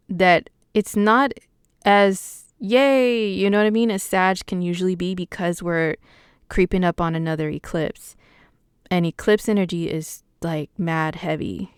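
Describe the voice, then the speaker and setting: A chatty woman astrologer talks viewers through the week's stars in a relaxed, slangy way, full of fillers. Her voice is very smooth and clear and sits a little low. The recording is dry and close, with no room sound. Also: no echo. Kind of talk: casual weekly horoscope forecast. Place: home in the US Pacific time zone.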